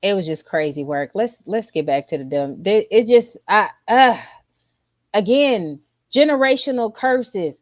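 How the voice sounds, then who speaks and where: Blunt, slow-talking woman commentator. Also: medium pitch, animated, dry recording, clean studio sound. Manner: blunt, incredulous, profane. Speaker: commentary channel host. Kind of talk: casual reaction commentary.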